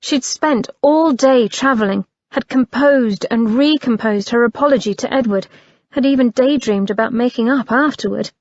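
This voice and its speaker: A woman narrating an audiobook in a measured, expressive reading. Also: fairly high pitch, no echo, highs cut off.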